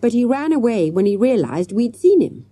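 A woman reading an audiobook, voicing a curious schoolboy on a bus trip who talks in bright, exclaiming bursts. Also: fairly high pitch, very animated, moderate pace, breathy edge, dry recording, pitched above the performer's own voice.

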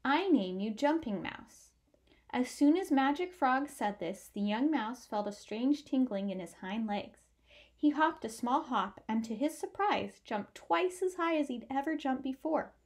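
A woman reading a picture book aloud with clear, expressive storytelling. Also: high-pitched, a little slow.

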